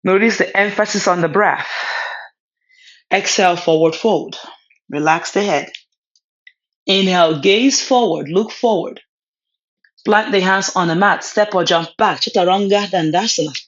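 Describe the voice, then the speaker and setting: A woman leading a yoga class, giving short calm cues for poses and breathing with a word of encouragement now and then. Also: medium pitch, measured pace, pauses often. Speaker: yoga instructor. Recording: slightly dull lo-fi sound.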